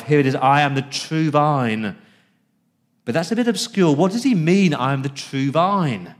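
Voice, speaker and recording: A man preaching a sermon as pastor, earnest, reading scripture slowly and dropping to a hush on key words. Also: medium pitch. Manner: reads scripture slowly and deliberately.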